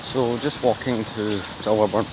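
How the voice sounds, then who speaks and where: A man's voice: fairly low pitch, steady tone, normal speed. A young man vlogging casually while walking city streets, rambling and swearing freely as he talks to a handheld camera. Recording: noisy street recording.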